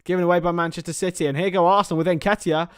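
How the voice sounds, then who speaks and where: A young man talks through a football match on a live stream, mixing play-by-play with easy chat to viewers. His voice sits a little high and laughs break in often. The sound is dry and close. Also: fairly even intonation, rapid-fire, smooth, dry recording. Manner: chatty, laughs often, greets viewers by name. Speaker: live stream host and commentator.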